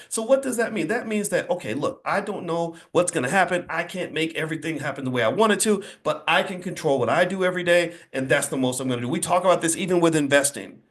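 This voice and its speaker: A middle-aged man giving an emphatic, preachy motivational speech to an audience, telling stories with energy. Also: a little high. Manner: preachy, emphatic, animated storytelling. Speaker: speaker addressing an audience.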